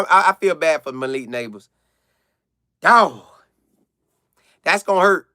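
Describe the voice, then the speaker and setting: A young man chats with his live audience in a high, bright voice. He is animated and excitable, hammering his points home by repeating them. The sound is dry and close to the mic. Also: dry recording. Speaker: live-stream host answering chat. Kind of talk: casual live chat commentary.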